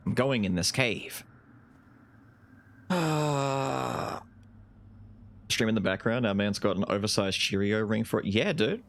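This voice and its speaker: A man's voice: on the low side, a little slow, long pauses. A man streaming a video game live, casually commentating, swearing and yelping as fights break out. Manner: excitable, swears, yelps during fights.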